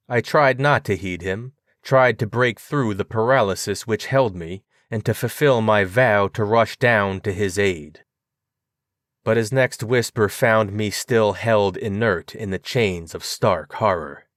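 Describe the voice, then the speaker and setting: Slow, grave male horror narrator. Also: on the low side, a bit bright, dry recording, studio quality.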